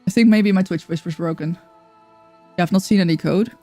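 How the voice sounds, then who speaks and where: A woman's voice: fairly low pitch, brisk, mellow, faint music behind. A woman streaming a game, chatting casually with viewers by name and cooing at her cat from her computer chair. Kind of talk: casual live-stream chat.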